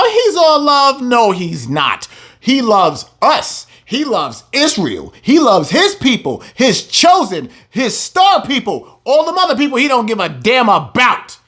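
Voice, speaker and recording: A man teaching from scripture, reading verses aloud and breaking into heated, emphatic commentary. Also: sits high. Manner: animated, emphatic, swings between reading and loud preaching. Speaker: religious teacher.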